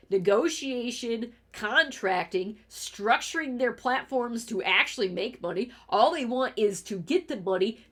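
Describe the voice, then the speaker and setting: A woman streamer with a slightly high, somewhat bright voice launches into a casual, profane rant. Heated and exasperated, she fires off complaints, restarting her sentences as she goes.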